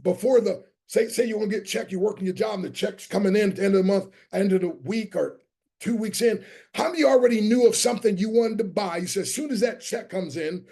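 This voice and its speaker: Speaking fast to an online training session, this male guest motivational speaker delivers his business pep talk like a preacher, his high, raised voice mellow yet roughened by gravelly fry. He presses every point with emphasis, spells out key words one letter at a time, and rallies the audience to respond.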